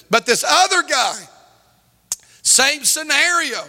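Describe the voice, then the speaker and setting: A man preaching a sermon in a church, breaking into loud outbursts and telling stories. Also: extremely high pitch, animated, moderate pace, in a large hall. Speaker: pastor.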